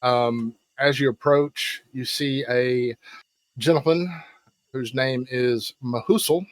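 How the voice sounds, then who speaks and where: A man running a tabletop game as game master, explaining rules in a halting way full of fillers. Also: medium pitch, dry recording.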